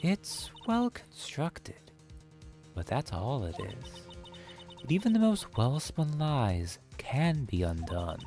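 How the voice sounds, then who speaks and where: A man voicing a calm, encouraging female mentor lawyer with reassuring delivery. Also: medium pitch, slow, faint music behind.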